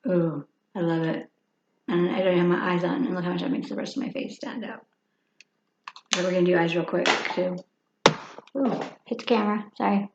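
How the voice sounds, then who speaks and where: Speaking at normal speed with frequent pauses, a woman over fifty rambles casually through her makeup tutorial, often talking to herself. Her pitch is fairly low, her intonation fairly even and her tone darkish. The echoey, dull lo-fi recording carries a little hiss or hum.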